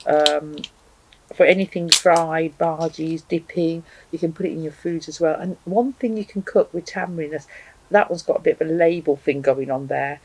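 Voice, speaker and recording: A woman's voice: deep voice, normal speed, low-quality recording. A woman reviewing hot sauces to camera at home, chatting casually and thinking aloud with frequent ums. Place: home, indoors with a cat.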